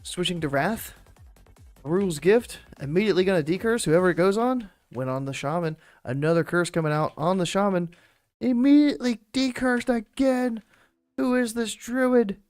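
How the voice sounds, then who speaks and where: A man's voice: high-pitched, moderate pace, soft background music, voice pushed up, close to an everyday voice. A man putting on the voice of a hyped male esports caster giving breathless play-by-play of a raid. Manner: breathless play-by-play, rising excitement.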